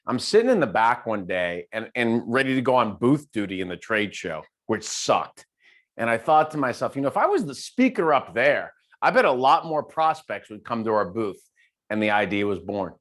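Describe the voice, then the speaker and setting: In a relaxed interview, a male guest speaker with a medium pitch and moderate pace tells stories animatedly, often starting over and repeating himself.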